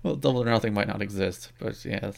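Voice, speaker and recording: Man chatting fast with restarts. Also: fairly low pitch, vocal fry. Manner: quick, self-interrupting talk with frequent restarts. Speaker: podcast co-host. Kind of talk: casual chat.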